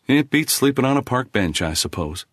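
A man's voice: mid-range voice, animated, moderate pace, no room sound, pitched above the performer's own voice, close to an everyday voice. A man voicing a young office writer who talks in a sarcastic, bitter way. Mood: weary.

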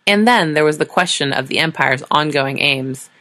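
Low-voiced woman reading a story. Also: normal speed, pushed and bright. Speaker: narrator. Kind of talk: scripted narration of a science fiction story.

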